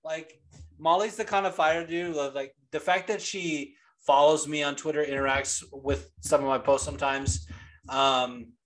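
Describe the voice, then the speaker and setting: Excitable profane man on a podcast. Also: fairly high pitch, poor audio. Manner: excitable, profane, quick to laugh. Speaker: podcast co-host. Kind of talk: casual chat.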